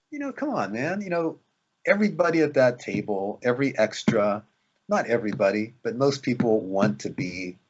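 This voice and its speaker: A man's voice: on the low side, lo-fi sound. A male actor in a casual interview, telling behind-the-scenes stories animatedly, acting out quotes and laughing often.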